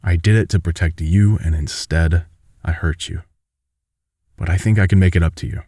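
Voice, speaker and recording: A man voicing a remorseful, condemned father who speaks softly and with regret in a fan-made audiobook. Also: deep voice, steady tone, moderate pace, no echo, studio quality. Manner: soft and regretful. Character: remorseful imprisoned father, older man facing death.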